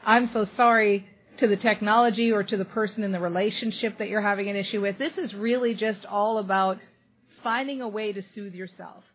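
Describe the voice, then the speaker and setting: A woman's voice: medium pitch, steady tone, a little fast, husky, dull audio. A woman hosting a podcast interview, friendly, paraphrasing her guest and asking follow-up questions. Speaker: podcast host.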